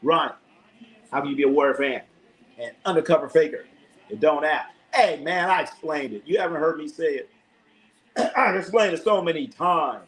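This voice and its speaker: An older man from Los Angeles hosts a live sports chat. He trash-talks players and teams in a loose, profane, animated way. His voice sits a little high for a man. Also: moderate pace, low-quality recording. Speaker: sports show host.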